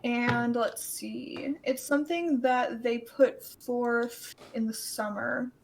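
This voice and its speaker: A woman's voice: on the high side, fairly even intonation, slow pace, creaky, background noise. A woman guest in a casual conversation, explaining things in a matter-of-fact way.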